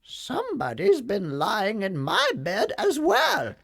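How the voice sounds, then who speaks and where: A man's voice: high-pitched, huge pitch swings, slow pace, creaky, a bit bright, slightly rough, no room sound, pitched above the performer's own voice, heavily acted. A man voicing a prim mother bear in a storybook tale with a raised, fluty voice. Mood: indignant.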